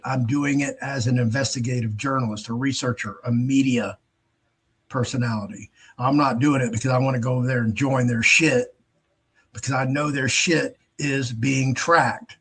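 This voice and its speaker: Husky, blunt, swearing man. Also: mid-range voice. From United States. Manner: blunt, profane, rambling. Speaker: host. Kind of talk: casual monologue.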